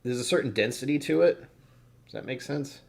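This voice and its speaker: A man's voice: medium pitch, a little fast, creaky, a little mellow. A tired man casually rambling through whisky tasting notes, self-deprecating and swearing now and then. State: tired from poor sleep. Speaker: whisky reviewer.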